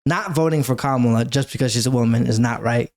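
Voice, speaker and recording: A young man co-hosting a podcast in casual chat, teasing and playfully flattering his partner. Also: medium pitch, quick pace. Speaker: podcast co-host.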